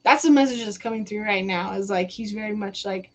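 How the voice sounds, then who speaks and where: A woman's voice: mid-range voice, a little fast, few pauses, poor audio. A young woman giving psychic readings on a live stream, chatty and giggly, often quoting spirits in a casual voice. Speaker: psychic reader.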